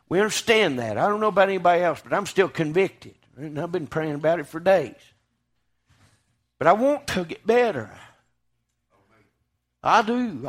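A man preaching a sermon, swinging from loud, fervent declaiming to hushed, quiet lines. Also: fairly high pitch.

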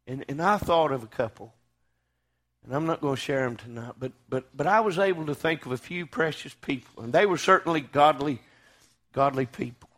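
Male preacher, higher-pitched voice, impassioned sermon with sharp loud-to-soft swings. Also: animated, fairly quick. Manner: fervent, swings from loud declaiming to hushed.

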